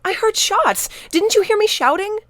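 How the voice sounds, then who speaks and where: A woman voicing a young man who is panicked and out of breath, shouting urgently in an audiobook. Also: expressive, normal speed, no room sound, studio quality. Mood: alarmed. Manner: high, loud and urgent shouting.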